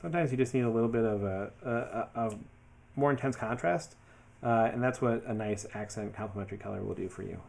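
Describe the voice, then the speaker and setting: A man talking casually through his design work as he goes, thinking aloud in a relaxed way with many fillers. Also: on the low side, fast talker, vocal fry. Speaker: web developer building his portfolio. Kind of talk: casual screen-share commentary.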